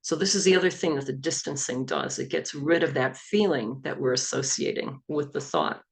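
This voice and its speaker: A woman's voice: low-pitched, moderate pace, creaky, breathy edge. A middle-aged woman, an executive coach and hypnotherapist, explaining self-help techniques in an easygoing talk.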